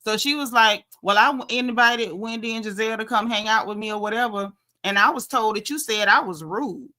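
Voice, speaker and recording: Animated bright-voiced woman recapping gossip. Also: fairly high pitch, fairly quick. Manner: animated, gossipy, quotes people in lively asides. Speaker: reality TV recap host. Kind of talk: casual recap chat.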